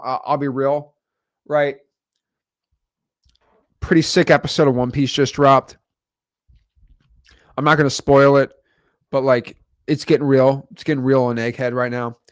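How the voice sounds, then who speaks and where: Speaking in a mid-range voice, this man explains real estate wholesaling straight to the camera in a lively, chatty way, tacking "okay" and "right" onto his lines. It's studio-quality audio without any echo.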